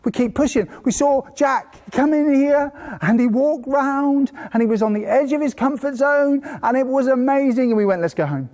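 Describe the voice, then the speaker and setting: A man teaching a horse-training course to a live group indoors, telling lively stories and bursting into playful praise voices. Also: very high-pitched, normal speed, hardly any pauses. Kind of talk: live workshop talk to a group. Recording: long hall reverb.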